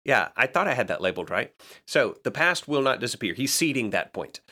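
A man co-hosting a podcast in casual chat, calmly recapping scenes and reading out lines. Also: medium pitch, brisk. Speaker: podcast co-host recapping a manga.

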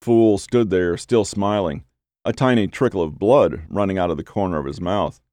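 Male audiobook narrator, gritty crime story, low voice, dry close read. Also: normal speed, darkish tone, no echo. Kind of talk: scripted crime fiction narration.

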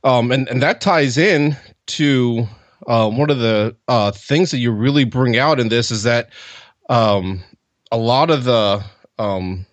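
Halting man hosting an interview. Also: mid-range voice, no room sound. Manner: warm, halting, many fillers. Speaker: interview host. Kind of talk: interview questions.

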